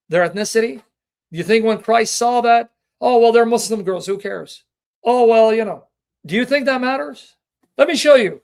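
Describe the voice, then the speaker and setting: A man giving an emotional personal reflection, pleading through rhetorical questions, sounding near tears. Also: sits high. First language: Assyrian. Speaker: Christian apologist.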